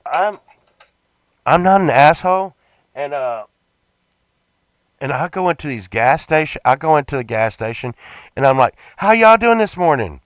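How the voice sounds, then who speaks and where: A man's voice: medium pitch, normal speed, long pauses, no echo. A man talking in a casual, rambling vlog, stumbling over his words and repeating himself. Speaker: vlogger.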